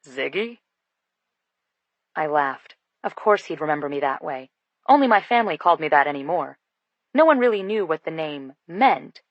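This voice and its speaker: Woman narrator, low voice, expressive comic storytelling, dry close-miked sound. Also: a little fast, dry recording, highs cut off. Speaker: audiobook narrator. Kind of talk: first-person scripted narration.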